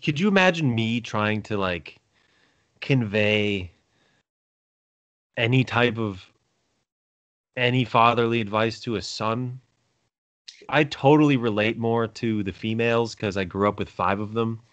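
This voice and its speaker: A man's voice: lowish voice, a little slow, long pauses, fairly bright tone, dry recording, highs cut off. A young man co-hosting a podcast, rambling in crude casual chat, cursing and joking. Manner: rambling, profane, jokey, laughs a lot. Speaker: podcast co-host.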